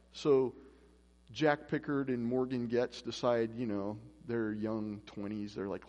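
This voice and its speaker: A man's voice: mid-range voice, fairly even intonation, a little slow, darkish tone. A man preaching a casual, conversational sermon as pastor, acting out voices in his stories. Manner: conversational, acts out quoted voices. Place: church. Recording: echoey church hall.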